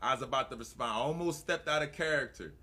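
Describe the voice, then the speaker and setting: A man hosting a morning show, telling stories in a slangy, excitable way and laughing often. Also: mid-range voice, quick pace. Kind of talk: animated storytelling to a live audience.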